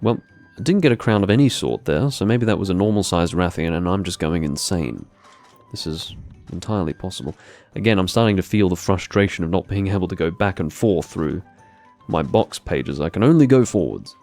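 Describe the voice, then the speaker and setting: A man giving relaxed, rambling commentary while playing a game live, with dry, self-deprecating asides. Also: low-pitched, a little fast, faint music behind. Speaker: gaming streamer.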